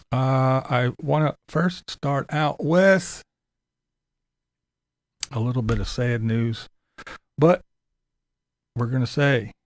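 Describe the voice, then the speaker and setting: A man's voice: mid-range voice, no room sound. A man hosting a casual livestream, greeting viewers by name and chatting loosely. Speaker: livestream host.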